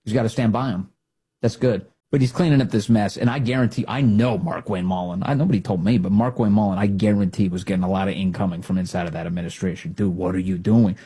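A man hosting a talk show, giving opinionated political commentary in an animated, sarcastic way. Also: lowish voice, fast, husky. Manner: animated, sarcastic, mocking others in put-on voices.

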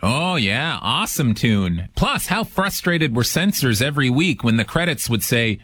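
A male radio host chatting casually with callers, his pitch swinging freely as he jokes. The studio sound is dry and close. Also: sing-song, moderate pace, fairly bright tone, no room sound.

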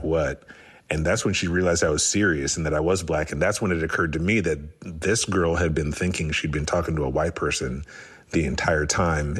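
Really deep, husky guy calling into a radio show, telling his story calmly. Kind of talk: recorded personal story.

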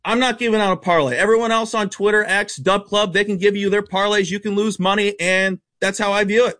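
A man as a sports betting analyst guest on a radio show, rattling off stats in a blunt, animated way. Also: high-pitched, no echo. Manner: fast, blunt, stat-heavy, animated. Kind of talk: casual radio sports talk.

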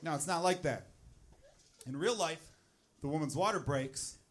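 A young adult man telling an exasperated, animated stand-up story on a comedy club stage. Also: fairly high pitch, unhurried. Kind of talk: stand-up routine. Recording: noisy live club recording.

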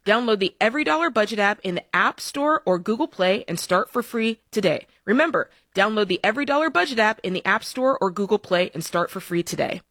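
A woman's voice: medium pitch, lively intonation, fairly quick, few pauses, a bit bright. A woman reading a radio ad in an upbeat, chatty, friendly way. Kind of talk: friendly conversational ad read.

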